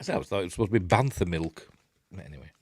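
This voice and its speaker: A man's voice: low-pitched, animated, rapid-fire, darkish tone, no room sound. A man with a Yorkshire accent hosting a live news stream, reading sci-fi stories and breaking off for wry, sarcastic asides.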